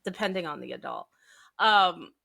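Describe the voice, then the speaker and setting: A woman with a Southern accent hosting a podcast in casual chat, bubbly and animated, acting out quotes as she tells stories. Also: lowish voice, moderate pace, creaky, husky. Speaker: podcast host.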